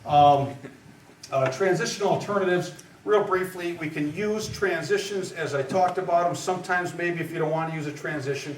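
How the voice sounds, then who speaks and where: A man's voice: fairly high pitch, moderate pace. Man lecturing in an echoey room. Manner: conversational, emphatic, tag questions like right and okay. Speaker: trial advocacy instructor. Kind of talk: live lecture to lawyers. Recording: echoey room, far from mic, faint room noise.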